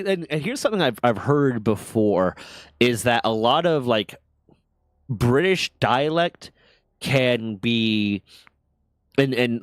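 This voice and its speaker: A man's voice: medium pitch, dry recording, studio quality. A young American man from Pennsylvania, streaming casual chat, rambling and swearing freely as he makes his points. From Pennsylvania, USA. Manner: profane, rambling, emphatic.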